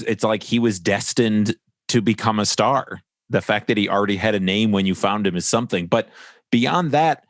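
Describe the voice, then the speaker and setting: Man, podcast host, low voice, dry close sound, casual rambling chat. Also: no echo. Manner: enthusiastic, rambling with fillers.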